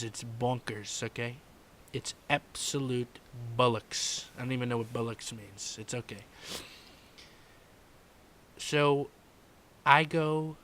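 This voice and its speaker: A brash, boastful older politician rambles in circles through a comedy podcast monologue, as a man puts on the voice. He stops to repeat himself and lets "folks" and "okay" drop to a mutter, all at a mid-range pitch. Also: slight background noise. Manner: rambling, repetitive, trails off quietly on "folks" and "okay". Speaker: podcast host doing an impression.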